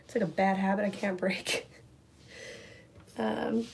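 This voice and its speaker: Young female streamer, casual and rambling, creaky mid-pitched voice, faint room noise behind. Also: fairly even intonation, slow. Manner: rambling, repeats words, reads viewer comments aloud. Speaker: livestreamer. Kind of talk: casual livestream chat. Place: at home indoors, near a window.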